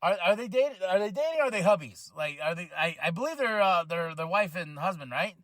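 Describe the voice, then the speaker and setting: A man hosting his own wrestling podcast in casual chat, excitable and rambling, with many restarts and bursts of laughter. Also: sits high, no room sound, studio quality. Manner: excitable, rambling, quick restarts and self-corrections; breaks into laughter and shouted exclamations.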